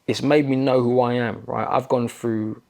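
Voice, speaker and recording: A man, a podcast guest, telling a story in casual talk, animated and swearing freely. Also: mid-range voice, moderate pace, gravelly. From London. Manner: animated, swears freely, acts out quoted exchanges.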